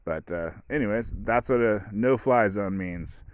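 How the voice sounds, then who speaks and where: A man's voice: lowish voice, unhurried, no echo. A man hosting a podcast monologue, rambling and sardonic, trailing off into fillers. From United States. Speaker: podcast host. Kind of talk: casual monologue.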